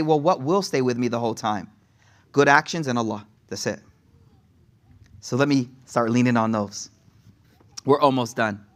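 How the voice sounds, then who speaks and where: High-voiced man teaching in casual slang. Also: fairly bright tone. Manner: slangy and conversational, reading Arabic quotes quickly then explaining them. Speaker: religious teacher. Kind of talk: casual religious lesson.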